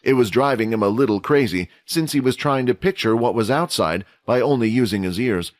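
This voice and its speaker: A man giving steady scripted narration of a fantasy audio story, doing voices for the characters. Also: mid-range voice, brisk, no echo.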